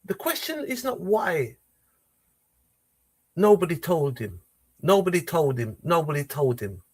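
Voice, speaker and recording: A man's voice: fairly high pitch, very animated, a little slow. A man hosting a livestream, talking casually and rambling with many restarts and repeated phrases. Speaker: livestream host.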